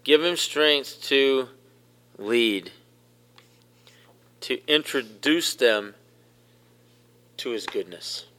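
A man's voice: medium pitch, expressive, drawn-out words, long pauses, pushed and bright. A man preaching a sermon, emphatic, repeating phrases and putting questions to the congregation. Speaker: pastor.

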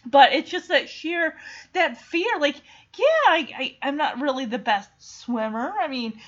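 A woman's voice: high voice, lively intonation, measured pace, muffled recording. A woman in casual chat retelling a film, chatty and emotional with many fillers.

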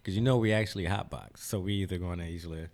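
A man's voice: low-pitched, fast talker, a little mellow. A young man, a podcast guest, rambling through stories and laughing through his words. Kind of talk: casual chat.

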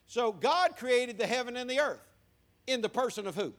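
A man's voice: very high voice, animated, moderate pace, a bit bright. A male pastor preaching a sermon in a church, asking the congregation questions and repeating words for emphasis. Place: church sanctuary.

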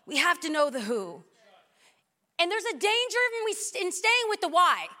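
A woman preaching a sermon in a large church hall, animated and humorous with punchy delivery. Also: extremely high pitch, normal speed. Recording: long hall reverb.

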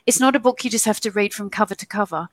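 Woman, mid-pitched, dead dry sound, steady explainer, video call guest. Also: fast talker, dry recording. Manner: steady, informative, some restarts. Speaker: book co-author, guest. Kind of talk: casual interview chat.

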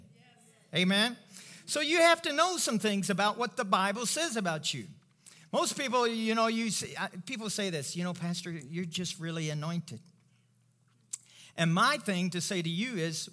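A preaching man with a high, bright, ringing voice, delivering a sermon from a church pulpit. He builds from quiet, low asides into loud, emphatic declarations, calling out to his congregation for responses. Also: lively intonation, normal speed. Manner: emphatic, call-and-response preaching with shouts of "woo". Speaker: pastor.

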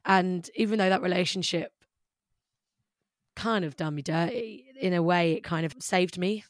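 Young british woman chatting openly, lots of "like", lowish voice, dry sound. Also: normal speed, dry recording. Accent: British English. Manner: open, rambling, says "like" often. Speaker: guest musician. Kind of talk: candid personal conversation.

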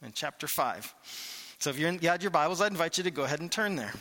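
A man preaching a sermon to his church in a conversational, animated way, asking the congregation rhetorical questions. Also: a little high, fast, big-room sound. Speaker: pastor. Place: church sanctuary.

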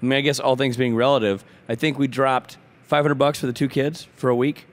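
A man co-hosting a casual podcast chat, a father telling jokey, animated stories about his kids. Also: mid-range voice, brisk. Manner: joking storyteller, animated asides. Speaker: guest co-host.

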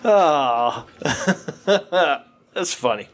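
A man's voice: on the high side, expressive, drawn-out words. Blunt middle-aged man, podcast co-host. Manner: crude, blunt, laughs a lot. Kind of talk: casual chat.

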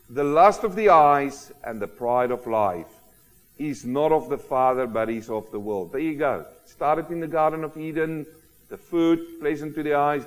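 A man preaching a sermon, emphatic and animated, often asking rhetorical questions of the congregation. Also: medium pitch. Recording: long hall reverb.

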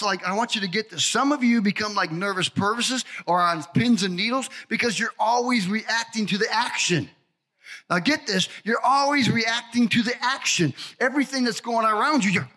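A man preaching as a pastor, delivering a sermon with shouted emphasis and swings between high cries and low asides.

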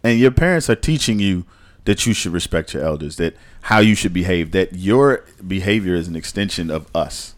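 Low, lively man arguing emphatically. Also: normal speed. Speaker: podcast co-host. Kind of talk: casual podcast chat.

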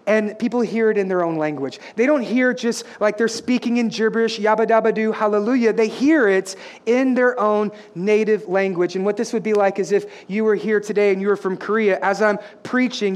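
A man preaching a sermon as a pastor, moving from joking, conversational asides to loud, shouted proclamation. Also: high voice. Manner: jokey, playful with the congregation.

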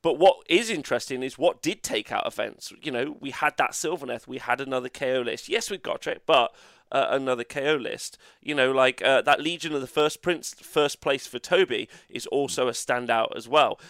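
A man's voice: medium pitch, a bit bright, dry recording. Chatty male co-host, dry sound. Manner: chatty, filler-heavy, reads chat comments aloud. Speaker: podcast co-host. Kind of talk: casual chat.

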